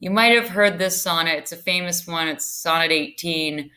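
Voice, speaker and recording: A woman teacher giving a recorded screencast lesson in a deliberate, teacherly way with occasional fillers. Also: lowish voice, bright, forceful tone. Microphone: computer screen recording.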